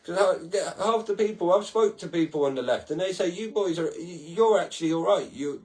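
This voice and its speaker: A man with a high-pitched voice talks briskly while hosting a casual podcast-style livestream. He rambles and swears, laughing at his own stories.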